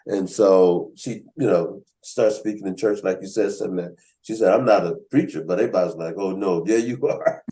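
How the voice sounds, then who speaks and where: This writers' workshop host speaks in a deep voice and a little fast, telling stories casually over a video call. He's animated and plays out the quoted people's voices himself. Poor audio quality.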